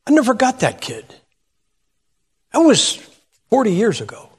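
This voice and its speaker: A man's voice: high voice, huge pitch swings, moderate pace, husky, big-room sound. An older man preaching a sermon, telling stories and putting questions to his audience. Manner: storytelling, asks the audience questions. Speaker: pastor.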